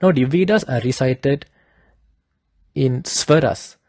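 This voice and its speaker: A man methodically explaining, step by step, how Vedic chanting uses three pitch levels, in an instructional style. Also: slow pace, a little mellow, no room sound.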